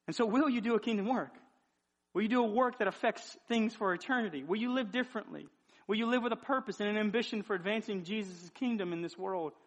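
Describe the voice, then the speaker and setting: A man in his thirties, a pastor preaching a sermon, pressing the listeners with repeated urgent questions. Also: high voice.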